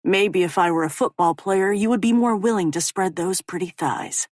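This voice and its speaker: A woman's voice: lowish voice, normal speed, darkish tone, no echo, clean studio sound, natural voice. A woman voicing a spiteful young male ex-boyfriend, with a mocking, crude delivery. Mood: sneering.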